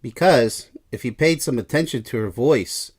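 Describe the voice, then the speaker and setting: A man hosting his own song review video at a middle pitch. He rambles in a casual monologue, drifting into asides about his own life, and pauses often with fillers and restarts. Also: darkish tone, breathy edge. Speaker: song review show host.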